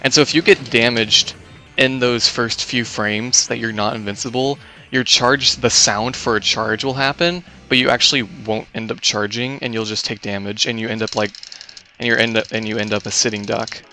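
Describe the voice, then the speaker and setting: A man's voice: mid-range voice, steady tone, normal speed, bright, forceful tone, soft background music. A man giving casual live commentary on his own speedrun, explaining game mechanics with many fillers and restarts.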